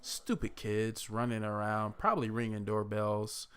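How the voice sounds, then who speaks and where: A man casually reading a first-person horror story, relaxed and profane in a conversational way. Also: on the low side, a little slow, clean tone.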